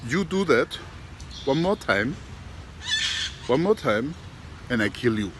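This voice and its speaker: A man playing a stern shop owner who threatens a parrot in a gruff voice. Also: mid-range voice, sing-song, slow, background noise. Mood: threatening.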